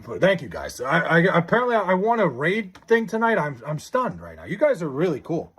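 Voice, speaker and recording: Excited husky young man streaming live. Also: on the high side, a little fast. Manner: excited, stammering, overwhelmed. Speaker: livestream host. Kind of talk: casual livestream chat, reading chat aloud.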